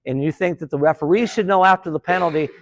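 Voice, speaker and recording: A man leading a football officials clinic, lecturing in a loud, casual, conversational way. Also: fairly high pitch, quick pace, no echo. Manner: loud, conversational, with many fillers and restarts.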